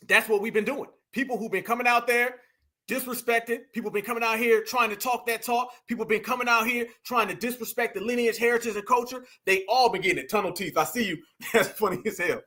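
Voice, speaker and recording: A man with an extremely high, pushed, bright voice hosts a casual reaction commentary show. He mocks and laughs as he addresses viewers he calls family.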